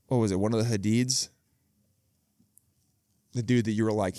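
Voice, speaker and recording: With a lowish, mellow voice and fairly even intonation, a podcast host in his thirties speaks at a moderate pace and pauses often. Alone outdoors near water, he rambles through a profane, comic monologue full of restarts, recorded on a video podcast camera setup with studio-quality sound and no room sound.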